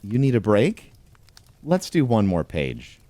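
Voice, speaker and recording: A man reading a pun picture book aloud as a comic bit, in a mock-solemn deadpan way, talking to a toy penguin. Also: lowish voice, takes it slowly, no room sound. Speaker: host. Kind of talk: deadpan comedic storybook reading.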